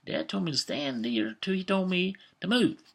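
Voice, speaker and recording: A scared little boy who stubbornly won't budge, as a grown man puts him on. His voice sits high and pleading, with a raspy edge. It sounds bright and thin. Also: animated, normal speed, exaggerated voice.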